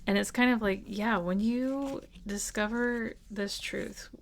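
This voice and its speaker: A woman with a gravelly, fry-laden voice gives a casual tarot reading at home. Her pitch stays fairly even as she speaks in an earnest, reassuring way. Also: takes it slowly, noisy background. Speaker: tarot reader. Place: at home with a dog.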